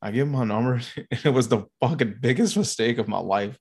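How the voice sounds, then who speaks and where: A man with a middle-pitched voice spins a rowdy anecdote in loose, casual chat. He swears freely and throws himself into the telling, jumping into higher, frantic voices when he acts out other people. The delivery is loose and conversational. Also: fairly quick, darkish tone, breathy edge. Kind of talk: casual profane storytelling.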